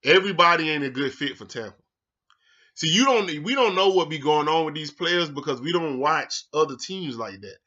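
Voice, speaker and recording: A man hosting a sports show in a casual rant, heated and profane, swinging from low mutters to loud outbursts. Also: lively intonation, moderate pace, dull audio.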